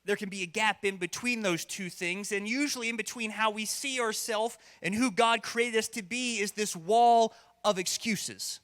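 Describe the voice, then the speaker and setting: Bright-voiced pastor preaching in an echoey hall. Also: male voice, high voice, normal speed, hardly any pauses. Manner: conversational, playful, acts out voices. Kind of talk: sermon. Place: church hall.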